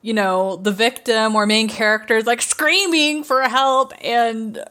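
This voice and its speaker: A woman's voice: fairly high pitch, steady tone, unhurried, sharp tone, clean tone. A young woman co-hosting a casual podcast chat about a horror movie, rambling, trailing off and laughing often. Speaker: podcast co-host.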